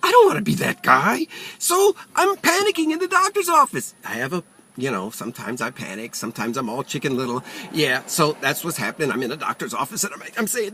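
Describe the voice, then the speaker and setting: A man's voice: on the high side, very animated, fairly quick, bright, forceful tone, a little hiss or hum. An older retired man telling a rambling, self-mocking comic story. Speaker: retiree ranting. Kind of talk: comic monologue.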